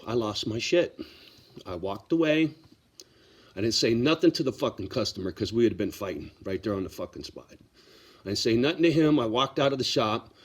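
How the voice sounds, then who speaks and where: A man's voice: mid-range voice, expressive, moderate pace. A middle-aged man telling a personal story in a casual vlog, blunt and profane, getting worked up as he talks. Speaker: vlogger.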